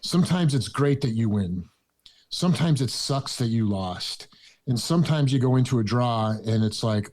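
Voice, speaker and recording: A man with a mid-range voice hosts a casual sports podcast. He explains things in a relaxed, chatty way, loose and unhurried. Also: mid-range voice. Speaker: podcast host.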